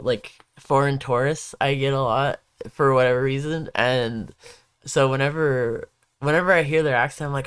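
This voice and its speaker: A young man in casual live-stream chat, his voice smooth and clear at a middle pitch. He rambles and corrects himself as he tells stories and answers viewers' questions. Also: a bit bright, no room sound, clean studio sound.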